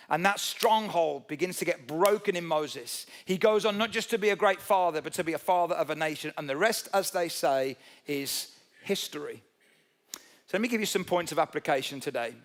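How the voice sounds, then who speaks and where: A man preaching a conversational, emphatic sermon at a church service. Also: fairly high pitch. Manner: conversational, emphatic preaching with a quickening and slowing pace. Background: live instrumental music.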